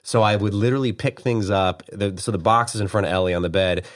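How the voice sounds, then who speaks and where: A man talking casually on a podcast in a low voice. He talks in halting bursts and jokes at his own expense. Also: steady tone. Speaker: podcast guest, comedy screenwriter. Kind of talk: casual chat.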